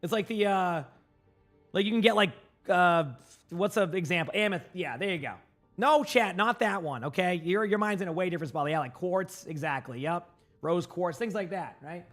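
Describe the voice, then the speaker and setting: High-voiced man rambling to his stream chat. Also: normal speed, fairly bright tone, soft background music. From Massachusetts. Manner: rambling, full of filler words, often answers chat. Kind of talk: casual live-stream chat.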